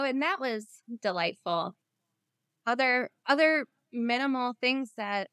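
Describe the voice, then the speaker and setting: Woman, interview guest, candid storytelling, reflective, soft hesitations, smooth voice, dry close sound. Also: mid-range voice, dry recording.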